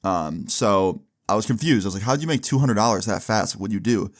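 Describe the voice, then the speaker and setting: A man's voice: on the low side, a little fast. Young man telling a story casually. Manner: casual, slangy, animated retelling with quoted dialogue. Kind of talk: casual storytime over gameplay.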